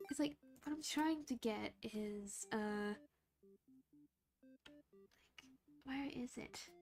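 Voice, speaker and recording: A young woman with a fairly high voice chats casually while she plays, trailing off and muttering over her choices. Faint game music plays underneath. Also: slow pace, creaky, darkish tone. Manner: hesitant, muttering to herself while choosing options. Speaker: streamer. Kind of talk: casual gameplay commentary.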